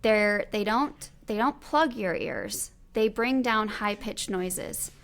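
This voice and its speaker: A woman's voice: medium pitch, slow pace. A woman in her thirties hosting a podcast, chatting casually and animatedly acting out what she and her kids say. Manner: animated, quotes her kids and herself aloud. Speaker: podcast host. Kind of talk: casual conversational interview.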